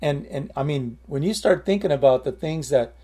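A man's voice: on the high side, expressive, normal speed, warm tone. Rambling man preaching informally. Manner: rambling, repeats words while storytelling.

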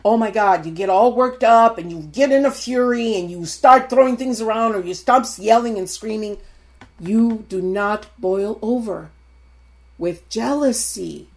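A woman's voice: mid-range voice, measured pace. A woman in her sixties preaching a sermon. She speaks emphatically and repeats her points, calling out directly to the congregation.

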